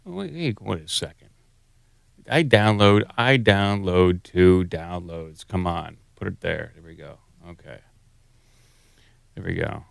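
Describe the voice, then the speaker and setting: A podcast host with a deep, creaky voice chats casually and rambles while playing clips and adjusting the sound settings on his board. He's unhurried and pauses often, with no room sound in the recording.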